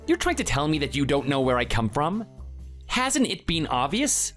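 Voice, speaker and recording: A man's voice: on the high side, big pitch swings, normal speed, fairly bright tone, faint music behind. A man voicing an indignant family man who confronts a bully, read in a synthetic texting-story style. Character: Italian-born family man standing up to a bully. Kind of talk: text-to-speech texting story.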